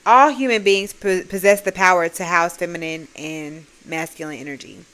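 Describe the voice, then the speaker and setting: A woman's voice: fairly low pitch, steady tone, moderate pace, a bit bright, clean tone. A young woman hosts a solo podcast, speaking bluntly and conversationally, with plenty of swearing and a preachy edge. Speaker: podcast host.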